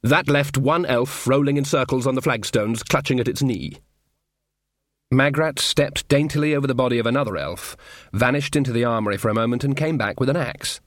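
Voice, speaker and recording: A man narrating a story in a wry, measured way. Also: medium pitch, dry recording, studio quality. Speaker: audiobook narrator. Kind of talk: scripted narration.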